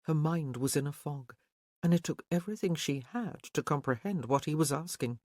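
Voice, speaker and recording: Slow, dry-sounding audiobook narrator. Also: medium pitch, darkish tone, no room sound.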